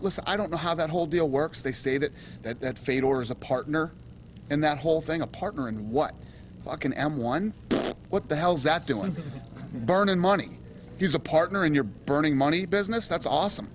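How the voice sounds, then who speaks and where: A middle-aged man ranting bluntly and profanely at a press conference as a sports promoter. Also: on the high side.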